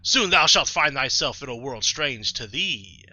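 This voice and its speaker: A man voicing an ancient godlike creature, reading its archaic lines slowly and gravely on a slightly dull, lo-fi mic. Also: mid-range voice, expressive, sharp tone, no echo, heavily acted. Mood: solemn.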